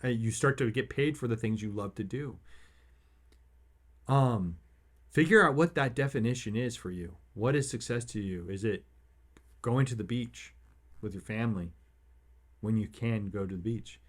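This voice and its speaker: A man hosting a motivational podcast, rambling through personal stories and growing excited and emphatic. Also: lowish voice, moderate pace, long pauses. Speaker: podcast host.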